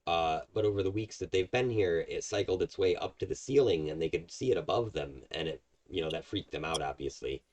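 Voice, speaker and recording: A man's voice: sits low, a little fast, hardly any pauses, a little mellow. A man narrating as game master of a tabletop game, explaining at length with many fillers. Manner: rambling, filler-heavy explaining.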